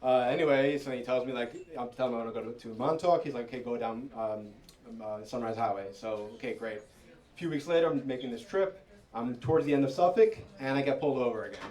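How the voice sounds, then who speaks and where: A man's voice: mid-range voice, fast, a little mellow, recorded from a distance. A man doing amateur stand-up, telling personal stories with lots of fillers and a self-deprecating tone. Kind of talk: stand-up storytelling. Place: restaurant event space with live audience. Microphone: handheld mic.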